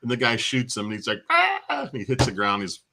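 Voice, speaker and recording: A man's voice: fairly low pitch, steady tone, fast, background noise. A man co-hosting a casual gaming chat show, telling stories and laughing often.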